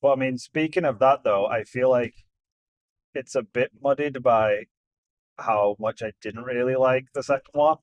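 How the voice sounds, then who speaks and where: A man's voice: mid-range voice, a little slow, no room sound, lo-fi sound. A man co-hosting a casual movie podcast who jokes and laughs often. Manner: laughs often, joking, animated banter. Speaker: podcast co-host.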